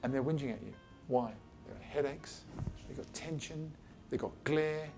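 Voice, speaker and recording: Male surgeon, mid-pitched, gravelly, blunt and chatty, informal talk to a small group. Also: moderate pace, darkish tone, faint music behind. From Australia. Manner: blunt and chatty, swears casually, acts out patient exchanges. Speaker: eye surgeon giving a talk. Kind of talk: informal lecture to colleagues. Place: his office, talking to a small group.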